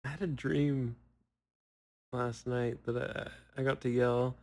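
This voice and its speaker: A young man in casual solo chat, rambling and poking fun at himself with long pauses. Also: medium pitch, steady tone, darkish tone, rough recording. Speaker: podcaster.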